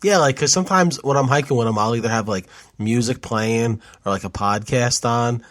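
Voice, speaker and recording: A man's voice: medium pitch, brisk, no echo, clean studio sound. A man co-hosting a podcast, telling stories in a laid-back way and swearing often. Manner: laid-back storyteller, swears, says bro and dude. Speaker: podcast co-host. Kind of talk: casual chat.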